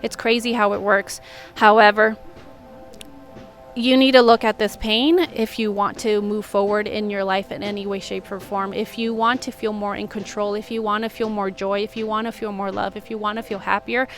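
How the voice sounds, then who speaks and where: A woman's voice: mid-range voice, little pitch movement, normal speed, faint music behind. A woman who works as a healing coach talks in a candid, earnest vlog monologue, with frequent "like" fillers.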